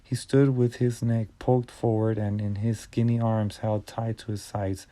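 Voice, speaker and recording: A man narrating an audiobook in a measured reading style with small stumbles and restarts. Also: fairly low pitch, little pitch movement, mellow, dry recording.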